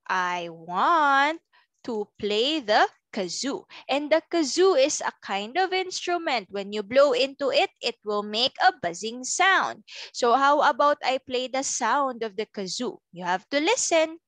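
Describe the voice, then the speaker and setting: A young woman teaching a recorded preschool class, sounding out letters and words in a slow, sing-song way. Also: high voice, sing-song, fairly bright tone, dry recording.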